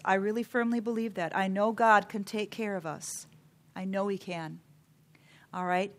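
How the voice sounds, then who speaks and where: A woman preaching a sermon, earnest and emphatic, counting off numbered points. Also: mid-range voice.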